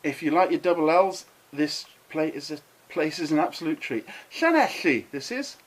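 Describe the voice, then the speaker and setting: A middle-aged man hosting a casual lesson, chatty and encouraging, who slows right down to sound out words with care. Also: fairly high pitch, fairly even intonation, rough recording. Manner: chatty, encouraging, drawn-out careful pronunciations. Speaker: model railway channel host. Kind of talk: casual explainer to camera.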